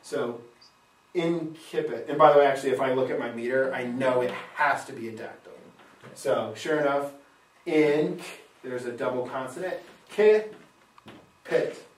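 A man's voice: medium pitch, moderate pace, a little hiss or hum. A man teaching a Latin lesson in a classroom, scanning verse aloud, patiently asking questions and confirming answers. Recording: echoey room, mic far off.

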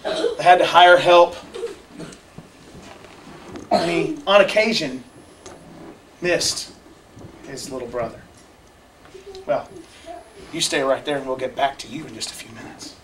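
A man teaching a children's church lesson, telling a story in a lively, playful way and joking with young volunteers. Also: a little high, a little slow, long pauses, slight background noise. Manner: lively, playful, chatty, asks the audience questions. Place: large room with kids, music playing. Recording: echoey room, voice from far off.

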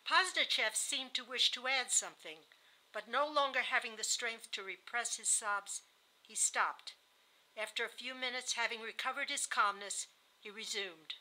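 A woman reading novel narration aloud in a measured way. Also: fairly high pitch, sharp tone, low-quality recording. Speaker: audiobook reader.

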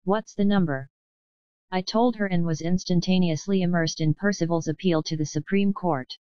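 A woman reads a novel aloud in a measured first-person delivery. Her voice is low-pitched and smooth, recorded dry with a slightly muffled, lo-fi sound. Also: fairly even intonation, warm tone, dry recording. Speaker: audiobook narrator. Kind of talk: scripted audiobook narration.

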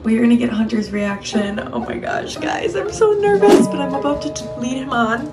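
A woman's voice: fairly high pitch, animated, moderate pace, creaky, hardly any pauses. A young woman hosting a vlog, talking to camera in a chatty, eager way. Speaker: vlogger host. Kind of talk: casual talk to camera. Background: background music.

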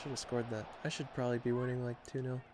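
A young man giving casual, chatty commentary while playing a football video game, talking to himself with quick exclamations. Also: mid-range voice, little pitch movement, noisy background. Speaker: gaming channel host.

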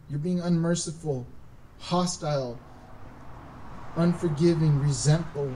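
A gentle, patient God, as a male preacher voices him, speaks quietly and unhurriedly in a mellow, lowered tone. The voice comes from a distance, with faint noise underneath. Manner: soft, slow and calm.

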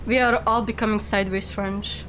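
A young woman hosting a casual game stream, playful and teasing, quick to exclaim. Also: mid-range voice, steady tone, fairly bright tone, slight background noise. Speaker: streamer and VTuber host.

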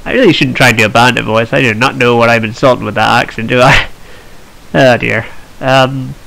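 Bright-voiced man narrating his gameplay. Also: mid-range voice, steady tone, brisk, creaky, poor audio. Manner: chatty, thinking aloud, wry asides. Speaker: let's play host. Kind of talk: strategy gameplay commentary.

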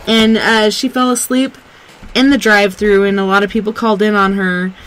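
A woman's voice: medium pitch, level tone, normal speed, fairly bright tone, low-quality recording. A woman hosting a talk radio show, chatting casually and retelling news stories at length.

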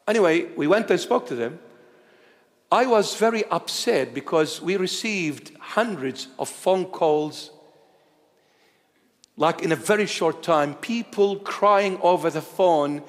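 Male preacher, lively storyteller with humor, high pitch, echoing church hall. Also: slow. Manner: animated storytelling with humorous asides. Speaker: bishop, preacher. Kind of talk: sermon. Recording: long church reverb.

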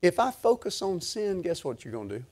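An older man, preaching a sermon through a lively personal story, swinging from low murmurs to loud excited bursts. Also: fairly quick. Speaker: pastor.

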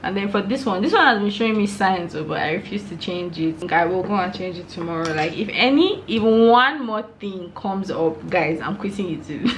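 A woman's voice: medium pitch, expressive, moderate pace, hardly any pauses, a little hiss or hum, poor audio. A young Nigerian woman in her twenties chatting casually to her viewers in a home vlog, frank and laughing often. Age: 20s. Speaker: vlogger. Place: her room at home, indoors.

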